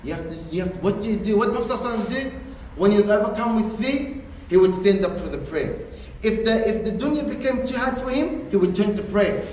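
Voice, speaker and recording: A man's voice: sits high, lively intonation, fast, darkish tone. A man giving an earnest sermon in a mosque, often repeating phrases for emphasis. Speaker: preacher. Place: mosque hall. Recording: echoey hall, distant mic, faint noise.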